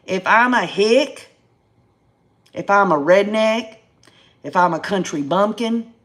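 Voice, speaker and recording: A woman's voice: mid-range voice, a bit bright. A woman in her fifties from Tennessee with a Southern accent, hosting a casual live stream and ranting to her viewers in folksy country phrasing. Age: 50s. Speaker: YouTube live-stream host.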